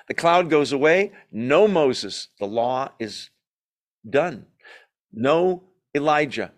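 Lively joking man teaching a Bible study. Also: medium pitch. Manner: animated, jokey, acts out quotes in asides. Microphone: video call or room mic, class also on Zoom.

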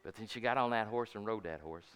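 A man's voice: on the low side, fast, clear, resonant tone. An older man preaching a sermon in a folksy, storytelling way, often asking his congregation "Amen?". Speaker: pastor.

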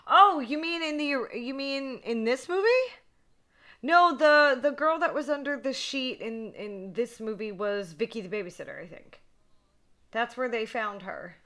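Bright, excitable woman recapping a film. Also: a little high, measured pace. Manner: excitable, swears freely, says "like" often. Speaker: horror podcast co-host. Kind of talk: casual movie recap chat.

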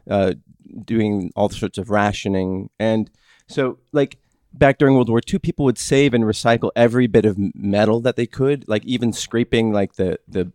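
Low-voiced man explaining at length. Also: a little mellow, dry recording, studio quality. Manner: rambling, halting explainer with many restarts. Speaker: podcast host. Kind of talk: casual podcast chat.

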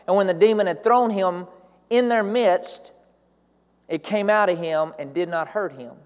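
High-pitched guy preaching a sermon, gets loud and repeats himself, echoey church hall. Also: normal speed. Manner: rising to emphatic repeated declarations.

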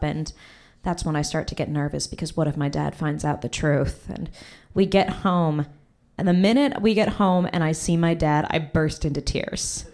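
A young woman telling a personal story on stage, lively and jumping high in pitch when quoting people.

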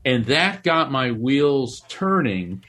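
A middle-aged man from Florida, an author and medium, telling a personal story in an interview with earnest, animated restarts. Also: mid-range voice, takes it slowly. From Florida, USA.

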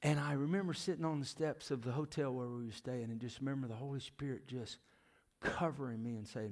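An American man in his sixties preaching a sermon, telling stories dramatically and dropping from loud emphasis to hushed near-whispers. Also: mid-range voice, fairly even intonation, fairly quick.

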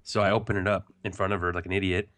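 A man's voice: low-pitched, level tone, very fast, fairly bright tone. A man hosting a podcast from home, telling a rambling, profane story in casual chat. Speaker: podcast host. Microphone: home computer mic.

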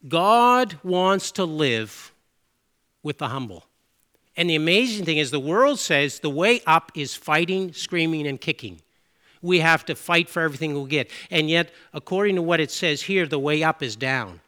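A man's voice: on the high side, sharp tone. A middle-aged man from Canada preaching a sermon in an earnest, conversational way, with asides and self-corrections.

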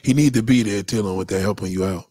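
Husky man asking incredulous questions. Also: fairly low pitch, fast, dark tone, dry recording. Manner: reacts with frequent exclamations. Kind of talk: casual interview.

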